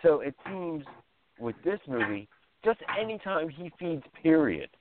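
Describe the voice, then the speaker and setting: A man's voice: fairly high pitch, sing-song, unhurried, background noise. A man co-hosting a casual horror film podcast, jumping in with questions and swearing casually. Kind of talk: casual film-review chat. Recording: dry tinny phone-like line.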